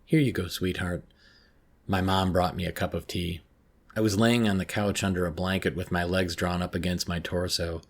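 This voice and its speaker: A man narrating a first-person horror story in a measured, tense way. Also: low voice, flat delivery.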